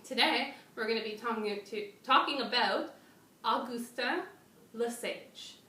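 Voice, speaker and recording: A woman hosting a casual chat with a guest, slangy and excitable, often trailing off and restarting. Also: fairly high pitch, moderate pace, recorded from a distance. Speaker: channel host. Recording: echoey room, off-mic, faint noise.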